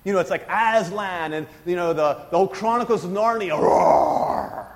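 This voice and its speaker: High-voiced preacher in a reverberant hall. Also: male voice, a little fast. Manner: expository preaching with frequent asides and questions to the congregation. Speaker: pastor. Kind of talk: sermon.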